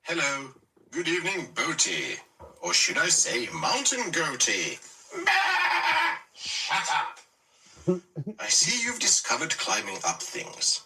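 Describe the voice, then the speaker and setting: A man's voice: a little high, wildly swooping pitch, slow, pushed and bright, recorded from a distance, slight background noise, full character voice, rough recording. A man voicing a sarcastic old man who teases and breaks into bleating outbursts.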